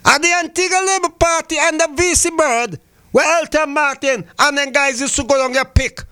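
Older Vincentian creole man, high-pitched, bright and forceful, preachy, repeats himself, dry close sound. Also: normal speed, no echo. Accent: Vincentian Creole English. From Saint Vincent. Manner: preachy, fiery, repeats phrases for emphasis. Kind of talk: heated political talk radio.

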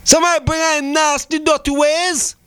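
A man's voice: extremely high pitch, little pitch movement, normal speed, a bit bright, no room sound. An older man from Saint Vincent with a Vincentian Creole accent, giving heated political talk on radio, preachy and fiery, repeating phrases for emphasis. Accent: Vincentian Creole English.

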